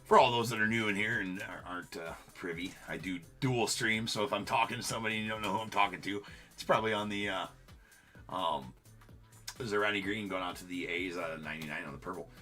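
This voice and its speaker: A man's voice: fairly low pitch, fast, pushed and bright, soft background music. A man hosting a live-streamed trading card break, giving running commentary on each card and chatting with viewers, with frequent filler words.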